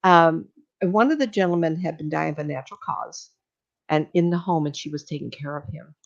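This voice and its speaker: A woman's voice: sits low, brisk, gravelly. An older woman, a medium, telling chatty, meandering stories to a live audience, laughing and acting out what people said. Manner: chatty, meandering storytelling with laughs and acted-out quotes. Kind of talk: storytelling talk to a live audience. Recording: dull lo-fi recording.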